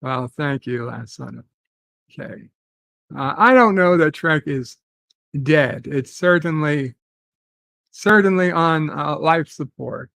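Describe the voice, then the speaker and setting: A man hosting a casual live stream, reading viewer comments aloud and musing in halting, repeated phrases with lots of fillers. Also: on the high side, lively intonation, gravelly, fairly bright tone, no echo. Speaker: host reading chat.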